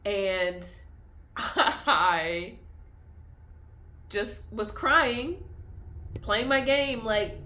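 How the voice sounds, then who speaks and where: A woman's voice: mid-range voice, drawn-out words, long pauses, bright, forceful tone. A young woman talks candidly in a personal vlog, confessional and tearful, laughing through tears as her feelings swing back and forth. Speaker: vlogger.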